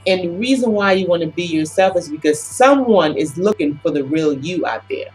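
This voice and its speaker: Low-voiced woman giving earnest advice. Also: lively intonation, moderate pace, darkish tone, faint music behind, poor audio. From the Caribbean islands. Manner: earnest, emphatic, repeats key phrases. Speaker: relationship advice co-host. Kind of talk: casual advice chat.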